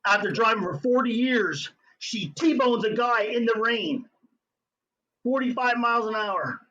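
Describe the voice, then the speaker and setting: Excitable high-voiced middle-aged man. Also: unhurried, muffled recording. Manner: excitable, hyper. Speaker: inventor guest. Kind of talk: enthusiastic interview storytelling.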